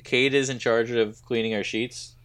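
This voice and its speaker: A man's voice: mid-range voice, fairly even intonation, moderate pace, fairly bright tone, clean tone. A man co-hosting a podcast in casual chat, making dry jokes and puns. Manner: dry, joking, punning. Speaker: podcast co-host.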